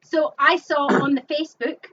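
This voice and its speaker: A woman's voice: high-pitched, steady tone, moderate pace, a bit bright, a little hiss or hum. A woman calling numbers as host of a live online bingo game, with chatty asides between calls. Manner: upbeat announcing, chatty asides. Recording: muffled, distant mic.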